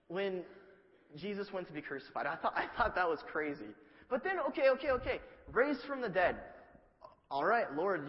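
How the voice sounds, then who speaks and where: A man preaches a sermon with a lively, swooping voice that sits a little high. He tells the story with humor and acts out little asides. The recording is dull and lo-fi, and a long hall reverb trails each phrase.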